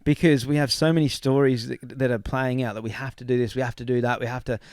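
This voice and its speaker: A middle-aged Australian man hosting a casual podcast chat, telling a travel story with lively acted-out quotes. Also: medium pitch, fast, clean tone, no room sound. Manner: animated storyteller, acts out quotes.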